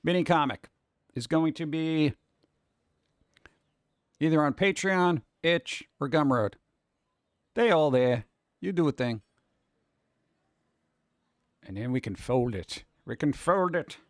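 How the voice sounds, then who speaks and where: Man, casual livestream chat, rambling, slightly high voice, dry sound. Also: expressive, slow, pauses often, dry recording. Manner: rambling, talks to chat while doing tasks; hands-on, step-by-step instructions. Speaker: livestreaming artist.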